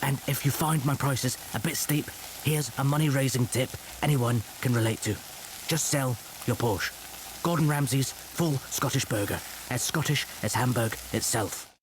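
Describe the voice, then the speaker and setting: A man's voice: medium pitch, normal speed, noisy background, close to an everyday voice. A man playing a brash, foul-mouthed celebrity chef who talks aggressively.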